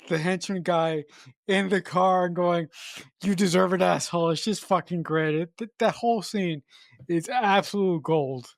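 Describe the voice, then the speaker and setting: A man's voice: high voice, no echo, clean studio sound. A man co-hosting a podcast, casually discussing a film he loves, enthusiastic and swearing for emphasis. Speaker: podcast co-host.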